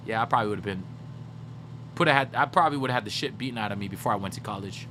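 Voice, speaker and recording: A man chats casually with his livestream audience, swearing freely and reading out and answering their messages as he goes. His voice is bright and forceful, and he tells stories with lively energy. A faint hum of noise sits under the recording. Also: mid-range voice, racing. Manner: animated storyteller, swears, addresses chat directly; reads out and answers chat messages. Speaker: gaming livestreamer.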